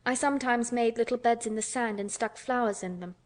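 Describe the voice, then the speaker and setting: A woman's voice: a little high, a little fast, natural voice. A woman reading an audiobook, voicing an anxious, eager little orphan girl who speaks in a tremulous, pleading way.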